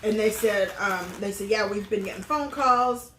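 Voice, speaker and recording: A woman's voice: mid-range voice, normal speed, fairly bright tone, a little hiss or hum. A middle-aged woman, a vlog host, telling a personal story in earnest with many fillers. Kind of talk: casual storytelling chat. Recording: roomy echo.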